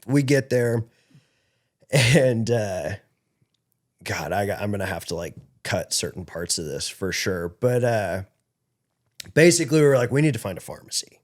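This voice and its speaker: Rambling man telling a podcast story. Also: fairly low pitch. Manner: rambling, full of filler words and swearing. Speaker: podcast guest. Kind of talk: casual storytelling. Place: podcast studio.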